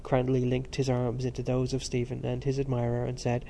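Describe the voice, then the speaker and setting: A man reading a novel aloud as narrator, steady and measured. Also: mid-range voice, gravelly, a little hiss or hum. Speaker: audiobook narrator. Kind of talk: scripted narration.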